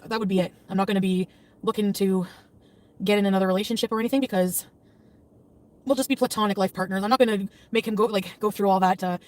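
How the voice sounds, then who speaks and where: A woman chatting casually and rambling as a livestreamer, confiding stories and laughing often. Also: mid-range voice. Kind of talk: casual chat. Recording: distant mic with loud traffic noise.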